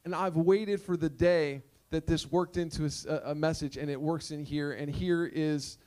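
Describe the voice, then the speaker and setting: A man's voice: a little high, fairly even intonation, normal speed, darkish tone. A male pastor delivering a conversational sermon, emphatic and full of repeated rhetorical questions.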